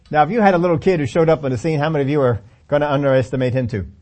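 A man's voice: on the high side, darkish tone. A middle-aged male pastor preaching a sermon, telling the story animatedly with acted-out quotes and chuckles.

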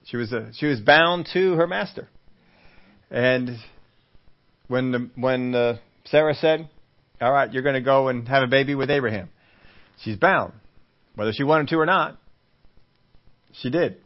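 Man, pastor, conversational sermon, asks the room questions, mid pitch, muffled lo-fi sound. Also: a little slow, long pauses.

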